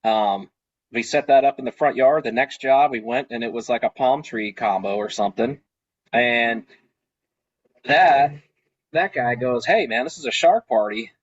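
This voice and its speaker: A man's voice: mid-range voice, measured pace, long pauses, dull audio. A man who owns a party rental business, chatting casually on a video call and telling stories with lots of fillers and restarts.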